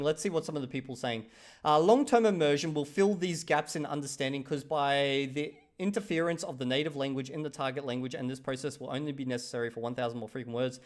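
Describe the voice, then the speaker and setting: A man, a young adult, chatting casually on a live stream and reading viewer comments aloud, animated and quick to laugh, with casual swearing. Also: medium pitch. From Australia.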